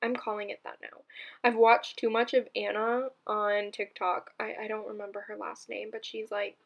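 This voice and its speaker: A young woman talks through her solo podcast in a loose, chatty way, with a gravelly fry at the ends of her phrases. Her pitch sits in an ordinary middle range. She gushes, trips over her words and restarts them often. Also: flat delivery, normal speed, highs cut off. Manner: chatty, gushing, many fillers and restarts. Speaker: podcast host. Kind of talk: casual solo podcast chat.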